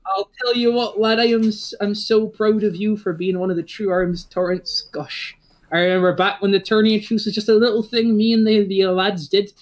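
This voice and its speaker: A man's voice: high-pitched, level tone, moderate pace, pitched above the performer's own voice, natural voice. A man voicing a jovial older father who is proud of his son and talks in hearty dialect.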